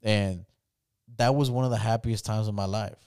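A man's voice: on the low side, steady tone, normal speed, darkish tone, clean tone, no echo, clean studio sound. A young man hosting a casual podcast, telling stories in a loose, profane way. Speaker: podcast host. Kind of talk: casual chat.

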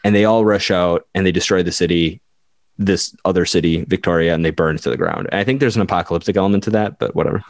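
A man's voice: sits low, fast, no echo, studio quality. A man on a podcast telling history casually, full of "like", acting out the people he quotes. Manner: rambling, full of "like", acts out quotes. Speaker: podcast co-host.

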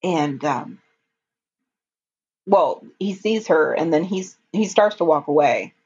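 A woman talks through a TV episode for a podcast in a low, breathy voice. She takes her time and drops frequent ums as she retells scenes. The recording sounds muffled and lo-fi. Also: animated, slow, a little mellow. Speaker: podcast co-host. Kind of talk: casual episode recap. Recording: dull lo-fi audio.

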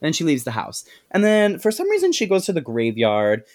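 A man hosting a podcast, giving a casual, animated movie recap full of swearing and "like"s. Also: on the high side, fairly quick. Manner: animated, profane storytelling with many "like"s. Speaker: podcast host.

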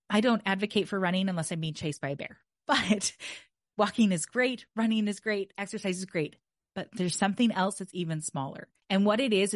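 A woman's voice: mid-range voice, no room sound, clean studio sound. A woman hosting a podcast, teaching in a chatty, upbeat way and coaching listeners through breathing exercises from her desk microphone. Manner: chatty and upbeat, laughs at own jokes. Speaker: podcast host teaching about the brain. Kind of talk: casual teaching talk with guided breathing. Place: at a desk, indoors. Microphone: desk microphone, leaning in close.

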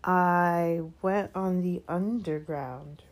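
A woman's voice: fairly low pitch, extremely slow. Harry Potter, nervous boy, read by a woman. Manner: nervous, stammering. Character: nervous twelve-year-old boy wizard.

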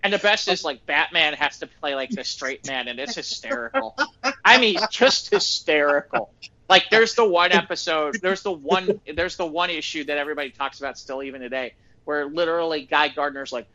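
A man in casual chat, telling stories with animated energy and acting out what people said. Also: a little high, normal speed, muffled recording. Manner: animated storyteller acting out quotes.

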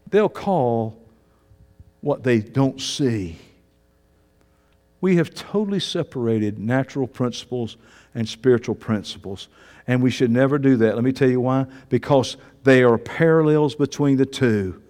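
A man preaching a sermon, emphatic and folksy, swinging from loud declarations to low asides. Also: takes it slowly, long pauses, in a large hall.

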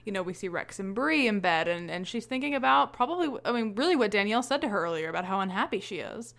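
A woman co-hosting a podcast in casual chat, excitable and laughing often, swearing freely. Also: medium pitch, quick pace, gravelly. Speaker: podcast co-host.

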